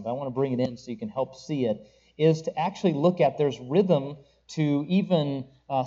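A man's voice: mid-range voice, warm tone, highs cut off. A man teaching a class on music in a church setting, rambling with fillers and restarts and leading the group in reading aloud. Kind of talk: classroom lecture.

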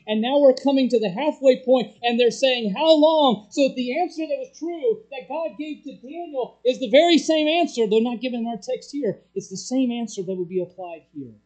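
A preacher delivering a sermon, swinging between loud urgent passages and hushed, low ones. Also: moderate pace, few pauses, low-quality recording.

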